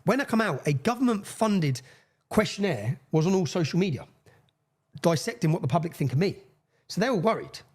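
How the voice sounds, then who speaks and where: A man's voice: high-pitched, slightly rough. A man, a podcast guest telling a long story with energy, swearing and acting out the people he quotes. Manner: fast, excitable, swears, acts out quoted voices. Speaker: interview guest. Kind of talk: animated storytelling in a podcast interview.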